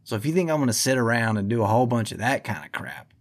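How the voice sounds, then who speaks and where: A man's voice: medium pitch, sing-song, fast. A man hosting a podcast, ranting in a profane, combative monologue. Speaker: podcast host.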